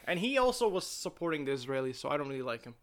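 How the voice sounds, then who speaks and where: A man's voice: on the high side, very animated, rapid-fire, a bit bright. A young man from Palestine, a podcast guest, arguing in casual chat in a heated, profane, argumentative way.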